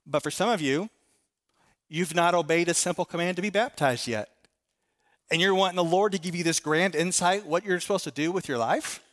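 A man with a fairly high voice delivers a sermon as a pastor. He leans on key phrases, slowing them down for weight, and briefly acts out imagined prayers in a raised voice. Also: fairly bright tone. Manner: emphatic preaching, slows down for key phrases.

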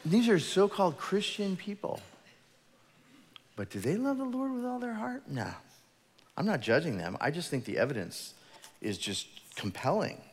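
A man who is a pastor, preaching a sermon in an animated storytelling manner, acting out the voices of people in his stories. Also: fairly high pitch. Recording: long hall reverb.

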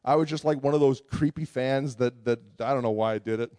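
Man preaching with a lively story. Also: mid-range voice, a little fast, clear, resonant tone, no room sound, studio quality. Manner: animated storytelling, many restarts. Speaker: pastor. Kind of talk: sermon with personal story.

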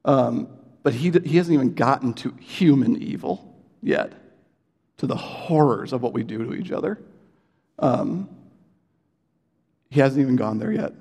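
Man, sermon, earnest, conversational, halting restarts, medium pitch, long hall echo. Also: lively intonation, gravelly, a little mellow, slightly rough. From United States. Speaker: pastor.

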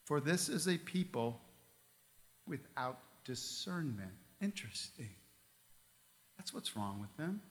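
A man's voice: mid-range voice, big pitch swings, slow, pauses often. A male pastor preaching a sermon in a church, reading scripture aloud and asking the congregation earnest questions. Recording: long reverb of a large hall.

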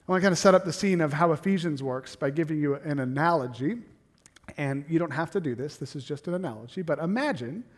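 A middle-aged man preaching a sermon in a church, animated and calling on the congregation to answer him. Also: sits high, long reverb tail. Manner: animated, asks the congregation to respond. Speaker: pastor.

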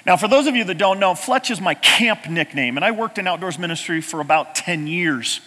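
A man's voice: high-pitched, lively intonation, fairly quick, bright, forceful tone, in a large hall. A middle-aged man from Oklahoma, a pastor telling a story in a sermon, talking conversationally with frequent "uh" fillers.

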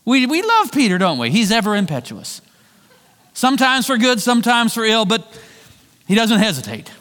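A man preaching a sermon, retelling a story and acting out the voices in it, shifting between loud and hushed delivery. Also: extremely high pitch. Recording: long hall reverb.

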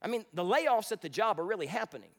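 A man with a rather high voice preaching a sermon. He swings between dramatic, raised bursts and hushed, earnest stretches. His delivery is that of a pastor addressing his congregation. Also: animated, fast.

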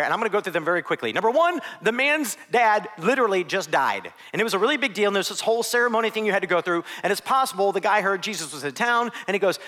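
A man in his thirties from Ohio, preaching a sermon as a youth pastor, acting out voices with big swings from soft to loud. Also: high voice, animated, quick pace, hardly any pauses.

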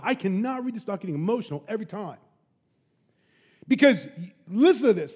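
A man preaching a sermon, emphatic and animated, with loud peaks, soft drops and casual rhetorical asides. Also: high-pitched, fast. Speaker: pastor.

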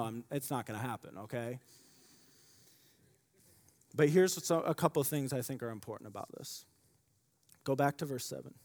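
A man preaching a sermon, repeating key phrases and swinging from loud emphasis to quiet asides. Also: medium pitch. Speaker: pastor. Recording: long hall reverb.

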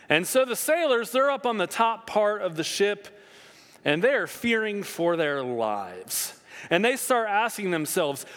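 A man preaching a sermon as pastor, telling the story with lively swings in his voice. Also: sits high, slow pace. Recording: long reverb of a hall.

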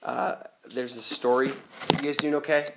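A man's voice: mid-range voice, little pitch movement, unhurried, heavy background noise. A man preaching a sermon as pastor at a camp gathering, talking casually and animatedly, often laughing as he goes. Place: camp meeting hall. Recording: echoey hall.

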